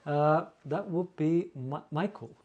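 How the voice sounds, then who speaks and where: A man with an Icelandic accent, hosting a casual video-call Q&A as an editor, talking haltingly with many fillers and restarts. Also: on the high side, a little mellow, dull audio. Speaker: editor-in-chief, co-host.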